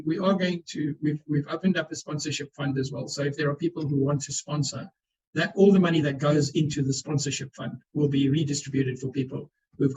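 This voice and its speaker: A man's voice: fairly high pitch, a little mellow, a little hiss or hum, poor audio. A man speaking as a panellist on a webinar, answering questions earnestly and often repeating words as he restarts. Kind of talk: explanatory webinar talk. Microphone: video call.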